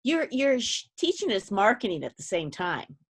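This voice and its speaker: Lively encouraging woman interviewer. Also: medium pitch, normal speed. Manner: encouraging, prompts guest with questions. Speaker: interview host. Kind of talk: casual interview chat.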